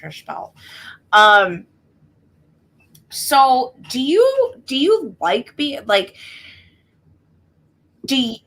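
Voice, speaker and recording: Woman co-host, loose chatty delivery, trails off and restarts often. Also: mid-range voice. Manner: rambling, many restarts and "like"s. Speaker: podcast co-host. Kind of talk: casual chat.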